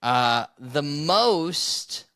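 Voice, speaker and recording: A man's voice: on the high side, animated, very slow, a bit bright, clear, resonant tone. A young man with a congested nasal voice co-hosting a casual podcast with his father, chatting in a rambling, self-deprecating way. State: congested, sinus infection. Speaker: podcast co-host.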